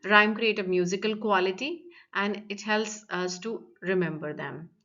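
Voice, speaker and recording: A woman teaching a lecture on poetry, talking in a halting way with frequent fillers and restarts. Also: medium pitch, bright, forceful tone, highs cut off.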